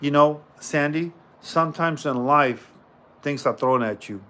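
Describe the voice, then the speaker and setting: A man in a casual spirit-box chat, talking in a streetwise way and scolding with animated asides. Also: fairly high pitch, measured pace. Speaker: paranormal streamer.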